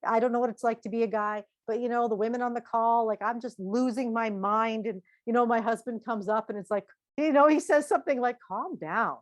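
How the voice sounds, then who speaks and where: A middle-aged woman speaking at a parenting seminar, lively, asking the audience questions and acting out quotes. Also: a little high, fairly quick, hardly any pauses, no echo.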